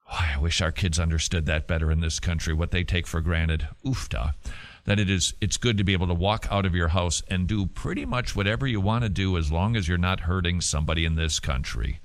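A man's voice: deep voice, fairly bright tone. A man hosting a talk show, giving emphatic, sarcastic commentary. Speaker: host.

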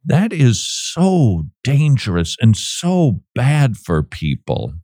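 A man talks with a sarcastic, joking edge and a lively, swinging pitch. He laughs often as he riffs with his co-host. The sound is close and dry. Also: slow, no echo. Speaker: podcast co-host. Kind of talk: casual commentary.

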